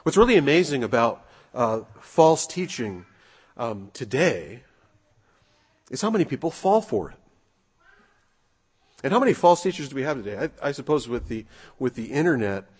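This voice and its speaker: A man preaching a sermon in a relaxed, conversational way, asking his listeners rhetorical questions and pausing on fillers. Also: mid-range voice. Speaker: pastor. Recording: husky voice with long hall reverb.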